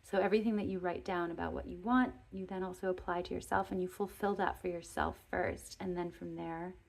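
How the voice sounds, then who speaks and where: A woman giving a tarot reading, speaking gently and earnestly to viewers, rambling and restarting as she goes. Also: lowish voice, fairly even intonation, a little fast, vocal fry. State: emotional, near tears. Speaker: tarot reader.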